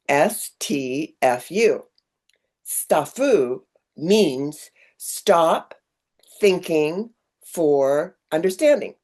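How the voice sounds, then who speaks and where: Middle-aged woman, low mellow voice, rambly spiritual group chat on a video call, lots of ums. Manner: rambling, digressive, with many ums. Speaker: workshop leader.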